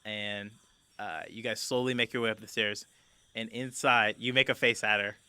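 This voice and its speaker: A man's voice: lowish voice, steady tone, a little fast, pushed and bright, clean tone, no room sound. A man running a tabletop role-playing game as game master, chatty and loose with plenty of fillers and restarts.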